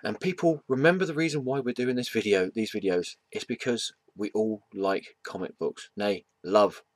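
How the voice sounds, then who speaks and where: A man's voice: lowish voice, moderate pace, no room sound. A man chatting casually at home about comics, rambling with many fillers, restarts and self-deprecating asides. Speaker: comic book vlogger. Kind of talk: casual vlog chat. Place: home room.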